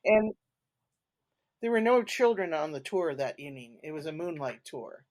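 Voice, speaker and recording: A woman guest on a podcast, a paranormal investigator talking in a chatty, animated way and laughing between points. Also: deep voice, moderate pace. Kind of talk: casual conversational storytelling.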